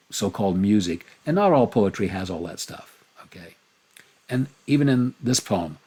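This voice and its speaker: A man teaching a recorded lesson on a poem, reading and explaining it slowly and stressing single words one by one. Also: fairly low pitch, darkish tone, husky. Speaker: poetry teacher.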